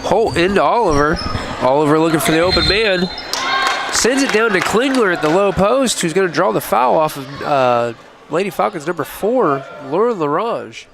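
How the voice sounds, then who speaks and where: Fast-calling male play-by-play announcer. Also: sits high, lively intonation, gravelly. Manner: brisk, calls each play as it happens, laughs easily. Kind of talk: live basketball play-by-play commentary. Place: high school gym broadcast table. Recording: noisy gym with ball bounces behind.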